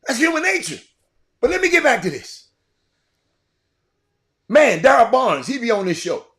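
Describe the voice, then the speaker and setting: An older man with a drawl delivers a heated monologue as a show host, his fairly high voice leaping all over its range. He repeats words and swings from loud outbursts to quiet musing. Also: huge pitch swings, moderate pace. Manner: fiery, repetitive, swinging from shouting to quiet. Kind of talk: impassioned monologue.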